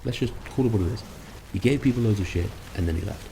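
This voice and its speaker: A man's voice: on the low side, fast, mellow, a little hiss or hum. A man who makes online videos, ranting about other creators in a sarcastic, rambling, self-mocking way. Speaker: content creator. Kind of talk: ranting commentary vlog.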